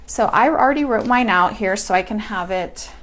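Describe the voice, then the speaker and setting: A woman's voice: medium pitch, moderate pace, fairly bright tone. A woman teaching a hand-lettering lesson, talking casually and chattily while she sketches and explains each step. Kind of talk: casual hands-on tutorial.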